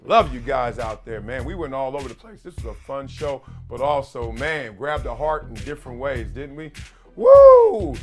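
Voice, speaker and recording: A man in his forties hosting a solo sports talk show, telling stories in slangy, animated talk and acting out little voices with laughs. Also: mid-range voice, moderate pace, hardly any pauses, music in the background. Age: 40s. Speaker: show host.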